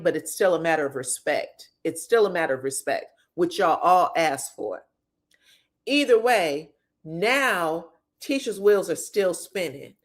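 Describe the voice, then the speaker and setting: A woman recapping a reality TV episode, talking candidly and straight to the cast, slangy and quick to swear. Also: lowish voice. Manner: slangy and expressive. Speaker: reality TV commentator.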